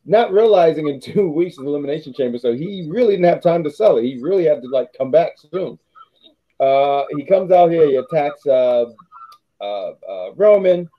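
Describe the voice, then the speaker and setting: Male podcast co-host, slightly high voice, casual rambling delivery, dull lo-fi recording. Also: lively intonation, normal speed. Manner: rambling, self-correcting, laughs often. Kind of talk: casual wrestling chat.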